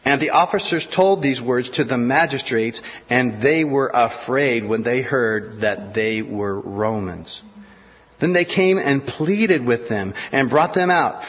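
A pastor preaching a sermon verse by verse, acting out the dialogue of the story in casual speech. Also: male voice, medium pitch, unhurried, slightly rough. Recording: dull recording in a reverberant hall.

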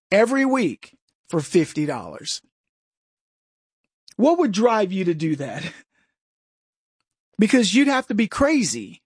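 A man hosts a talk radio show in a high voice, animated and sarcastic. His voice is close and dry, with no room sound. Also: no room sound.

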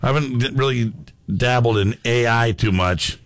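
A man's voice: mid-range voice, moderate pace, dry recording. A man co-hosting a sports radio show, chatting casually and reading listener messages aloud.

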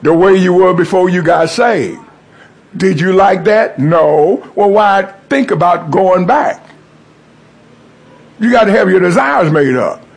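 A man's voice: high voice, takes it slowly, gravelly. A middle-aged man preaching a testimony sermon, calling out to the congregation. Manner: call-and-response preaching, rising and falling emphasis.

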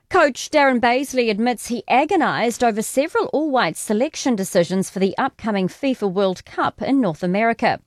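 A woman reading a scripted radio news bulletin in a crisp, even manner from a studio. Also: mid-range voice, no echo. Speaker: radio newsreader.

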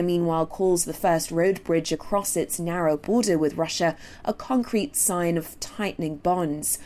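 A woman voicing a scripted news report as a foreign correspondent, in an even, formal way. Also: fairly low pitch.

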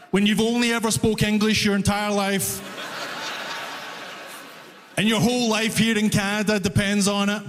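A Scottish comedian from Glasgow works the room in a stand-up set, and his voice sits high for a man. He tells his stories animatedly and drops into little voiced asides. The sound carries a long, live hall reverb. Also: a bit bright. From Scotland. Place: comedy club stage with audience.

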